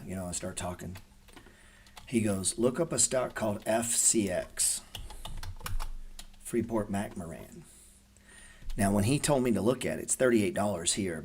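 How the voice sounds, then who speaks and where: A man's voice: on the low side, darkish tone, slightly rough. A man in his forties hosting a trading show, talking casually to viewers and telling stories in a laid-back, swearing manner.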